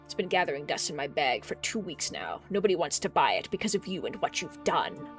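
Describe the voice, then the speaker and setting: A streamer voicing a scheming old crone merchant in a game, sly and mocking, with a drawn-out delivery. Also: medium pitch, sing-song, fairly bright tone, faint music behind. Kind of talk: reading game dialogue aloud.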